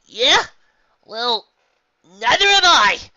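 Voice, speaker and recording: A man voicing a brash, competitive young female pegasus pony with loud, boastful banter. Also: fairly high pitch, huge pitch swings, a little slow, gravelly, no room sound, dull audio, heavily acted.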